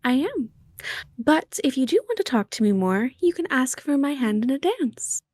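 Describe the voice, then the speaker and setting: A woman's voice: high voice, big pitch swings, normal speed, darkish tone, no room sound. A woman voicing a polite, hesitant young debutante who stammers through her words. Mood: flustered.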